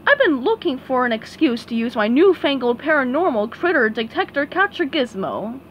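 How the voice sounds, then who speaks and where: A woman's voice: sits high, very animated, normal speed, dull audio, slight background noise. A spunky cartoon squirrel inventor, voiced by a woman reading aloud. She sounds enthusiastic and a little raised, close to the reader's own voice. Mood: eager.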